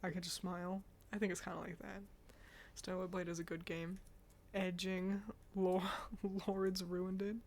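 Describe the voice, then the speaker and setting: A woman's voice: fairly low pitch, level tone, a little slow, a little mellow, a little hiss or hum. Sick woman streamer, congested and giggly. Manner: laughs often, chatty and irreverent. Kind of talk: casual live-stream chat.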